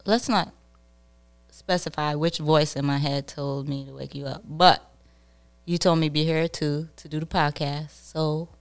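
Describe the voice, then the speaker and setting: A woman's voice: deep voice, fairly even intonation, measured pace. A young woman co-hosting a casual podcast, telling stories with lots of giggling and animation. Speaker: podcast co-host.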